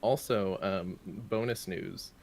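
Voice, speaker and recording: A man co-hosting a gaming morning show, reading the day's game releases briskly and making playful asides. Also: deep voice, creaky, a little mellow, a little hiss or hum. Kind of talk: casual morning show banter.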